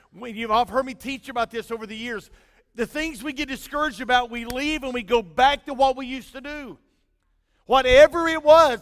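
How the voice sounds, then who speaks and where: A middle-aged man, preaching a sermon in a folksy storytelling way, his loudness rising and falling. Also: very high-pitched. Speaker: pastor. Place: church sanctuary. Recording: long hall reverb.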